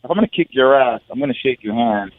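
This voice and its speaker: A man's voice: medium pitch, expressive, fast, slight background noise. Blunt, profane man with a tinny sound. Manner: blunt, profane storyteller who acts out quotes. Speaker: guest fighter. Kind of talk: casual podcast chat.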